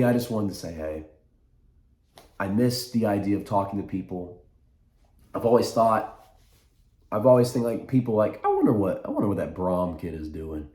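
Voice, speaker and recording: A young man in his twenties vlogs to camera in an echoey room, rambling and reflective, often stopping to restart his sentences. His voice is fairly low in pitch with a darkish tone.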